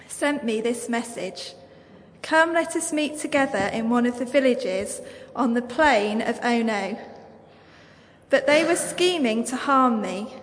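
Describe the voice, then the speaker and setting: A woman with an English accent reading a Bible passage aloud in church, measured and formal. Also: high voice. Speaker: Bible reader. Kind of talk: scripture reading. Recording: long church reverb.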